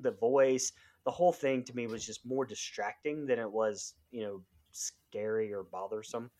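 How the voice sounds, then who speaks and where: A man co-hosting a podcast, reviewing a horror movie in blunt casual chat, swearing and laughing as he rambles. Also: mid-range voice. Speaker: podcast co-host.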